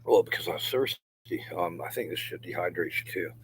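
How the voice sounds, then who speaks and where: A man's voice: sits low, lively intonation, brisk, slight background noise, rough recording. A middle-aged man talking to his camera outdoors in a yard in a rambling, profane monologue, laughing between phrases and dropping at times to a mutter or a whisper. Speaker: vlogger.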